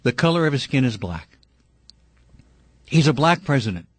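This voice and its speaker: A middle-aged man hosting a call-in radio talk show, talking fervently and breaking into shouting rants. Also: medium pitch, big pitch swings, moderate pace, no room sound. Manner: impassioned, ranting, shouting at times.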